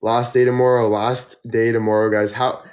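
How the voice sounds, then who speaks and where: A young man chatting casually on a phone livestream, tired and tipsy from drinking, rambling slowly with lots of fillers. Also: medium pitch, little pitch movement, a little mellow. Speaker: model and livestreamer.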